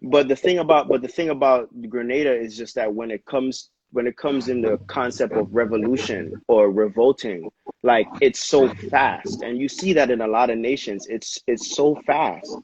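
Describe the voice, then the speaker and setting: Slangy, animated man telling a story. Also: mid-range voice, normal speed. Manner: slangy, animated storyteller, frequent "yo" and "you know what I mean". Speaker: dancer and podcast co-host. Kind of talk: casual conversation, storytelling. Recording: slightly dull lo-fi audio with faint noise.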